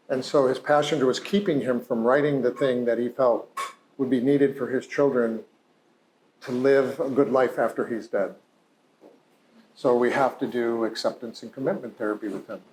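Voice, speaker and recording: A man's voice: mid-range voice, moderate pace, darkish tone, a little hiss or hum. A male psychologist telling a patient's story in a conversational, heartfelt lecture, full of "you know" and "like". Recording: roomy echo.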